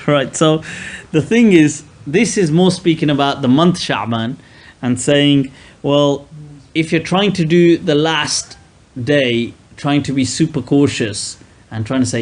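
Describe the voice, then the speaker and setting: A man's voice: on the high side, takes it slowly. A man teaching a classical religious text to a class, casual and joking, often acting out grumbling people. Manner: jokey, acts out grumbling people in asides.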